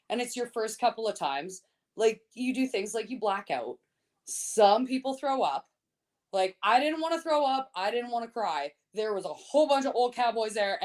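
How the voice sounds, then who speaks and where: Brief: a woman guest with a fairly high voice. She's a blunt, foul-mouthed, animated storyteller. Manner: swears a lot, lively and laughing. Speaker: podcast guest. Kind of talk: casual storytelling chat.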